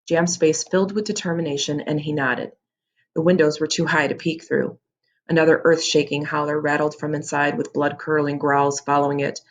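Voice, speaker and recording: Low-voiced woman reading a novel aloud. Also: flat delivery, normal speed. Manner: self-correcting, casual. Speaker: audiobook reader.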